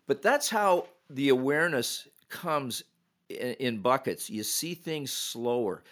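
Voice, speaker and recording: An older man from Canada, a retired hockey referee and podcast guest, telling stories in a lively way and acting out quotes. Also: medium pitch, unhurried. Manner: animated storyteller acting out quotes. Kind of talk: podcast storytelling.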